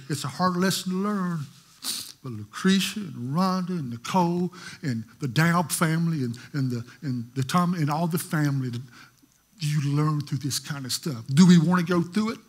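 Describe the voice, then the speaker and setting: Husky-voiced man preaching a sermon. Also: fairly high pitch, normal speed. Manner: storytelling, shifting from hushed to emphatic. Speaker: pastor.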